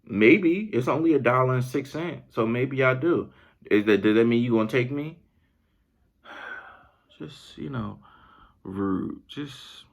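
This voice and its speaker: Male podcast host, comedic monologue, incredulous, laughs often, low gravelly voice. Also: expressive, unhurried, long pauses.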